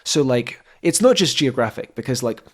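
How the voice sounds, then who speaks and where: A man hosting a podcast, thinking out loud in an animated, discursive way. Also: medium pitch, moderate pace. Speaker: podcast host. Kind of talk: casual chat.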